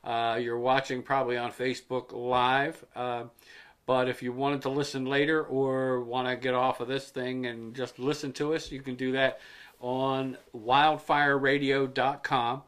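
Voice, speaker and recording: Bright-voiced joking New podcast host. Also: male voice, medium pitch, flat delivery, a little slow, clear, resonant tone. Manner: rambling, joking, profane storyteller. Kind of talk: casual podcast chat.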